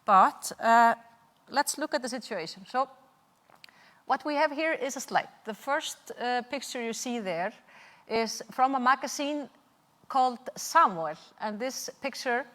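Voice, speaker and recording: A woman's voice: fairly high pitch, measured pace, fairly bright tone. A woman with an Icelandic accent giving an impassioned seminar presentation over slides, earnest and often hesitating. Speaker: seminar speaker, activist. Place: large hall at a cultural venue. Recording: long reverb of a hall.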